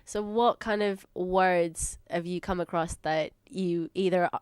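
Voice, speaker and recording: A woman's voice: lowish voice, fairly even intonation, takes it slowly, darkish tone, smooth, no echo, clean studio sound. A woman interviewing a guest for radio, friendly and a little hesitant. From England. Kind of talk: casual interview chat.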